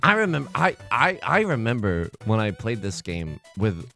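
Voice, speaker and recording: Animated, self-mocking male gamer. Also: fairly low pitch, normal speed, creaky, faint music behind. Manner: animated, self-deprecating, rambling. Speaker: let's play host. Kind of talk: casual game commentary.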